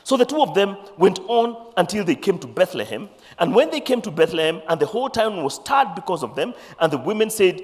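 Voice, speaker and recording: A Kenyan pastor preaching a sermon, animated and then dropping to quiet, earnest passages. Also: male voice, high voice, fairly quick, few pauses. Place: church. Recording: reverberant church hall.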